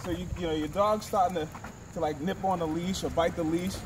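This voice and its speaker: A man's voice: sits high, steady tone, brisk. A man working as a dog trainer, explaining leash training to the camera and praising the dog as he walks it outdoors. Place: outdoors on a street. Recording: distant outdoor mic with street noise.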